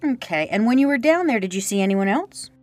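A woman hosting an interview and gently prompting her guest with questions. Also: a little high, lively intonation, fairly quick, dry recording, faint music behind. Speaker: podcast host interviewer.

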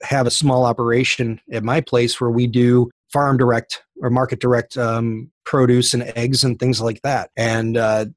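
A man's voice: medium pitch, level tone, moderate pace, few pauses, dry recording, studio quality. A middle-aged man, a professor being interviewed, explaining with enthusiasm and frequent fillers. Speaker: professor and podcast guest. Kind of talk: interview answers.

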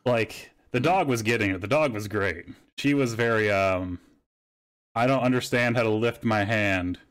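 A man's voice: fairly low pitch, moderate pace, fairly bright tone. A man hosting a podcast, telling stories in casual, profanity-laced chat. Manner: swears freely, storytelling. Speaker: podcast host.

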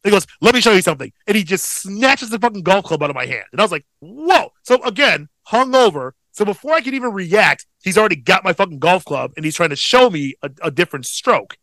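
A young man co-hosting a podcast, telling a long story in a profane, rambling, animated way. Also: high voice, quick pace, few pauses, no echo. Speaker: podcast co-host. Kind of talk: casual storytelling chat.

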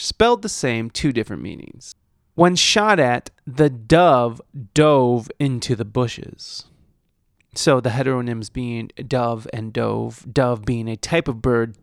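A man hosting an English lesson podcast, slowly reading and explaining example sentences. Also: mid-range voice, gravelly, dry recording, studio quality. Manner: slow, deliberate, reads example sentences aloud. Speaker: host.

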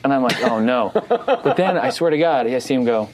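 Animated man telling a story. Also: mid-range voice, a little fast, background noise. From New Jersey. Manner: animated, laughing, acts out other voices. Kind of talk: casual storytelling.

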